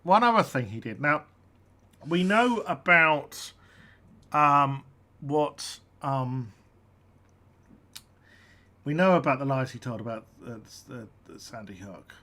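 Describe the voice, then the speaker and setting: Bright-voiced woman hosting a rant show. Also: rumbling low, animated, takes it slowly, pauses often. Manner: chatty, many fillers, "right?". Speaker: host. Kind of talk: casual political commentary.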